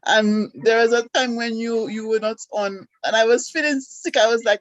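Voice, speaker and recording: A woman from Saint Lucia with a Saint Lucian accent, calling in and telling her story in an excited, chatty way with lots of fillers. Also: on the high side, moderate pace, dry recording, muffled recording. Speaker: caller. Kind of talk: casual call-in chat.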